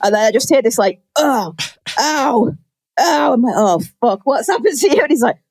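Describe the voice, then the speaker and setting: A young woman chats on a podcast, recounting a story in an animated way. Her voice sits a little high, and she slips into quick, acted-out quotes with lots of swearing. The sound is dry and close. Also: dry recording. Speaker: podcast co-host. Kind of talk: casual chat.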